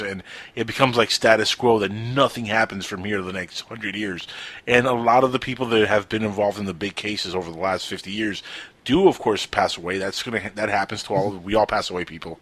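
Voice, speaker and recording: Low-voiced talk radio host. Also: male voice, a bit bright. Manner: speculative, talkative.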